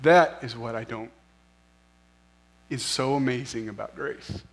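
A man's voice: mid-range voice, unhurried, long pauses. A man preaching a sermon as pastor, conversational and self-deprecating, often asking the listeners questions.

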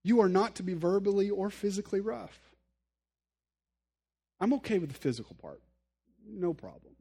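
A man's voice: high voice, animated, moderate pace, creaky, warm tone, slightly rough. A male pastor giving a sermon in a conversational, earnest way, speaking straight to his listeners and poking fun at himself. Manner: conversational, self-deprecating humor; addresses listeners directly, earnest.

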